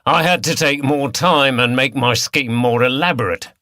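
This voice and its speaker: A man's voice: medium pitch, normal speed, pushed and bright, no echo, pitched above the performer's own voice, close to an everyday voice. A man voicing a harsh, aggressive male criminal with a Cockney accent. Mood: boastful. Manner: snarling, slouching, aggressive.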